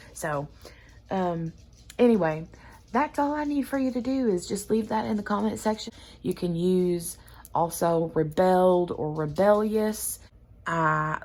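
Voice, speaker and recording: A woman's voice: low voice, darkish tone. A woman hosting a craft channel, chatting casually and rambling with lots of fillers. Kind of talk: casual chat.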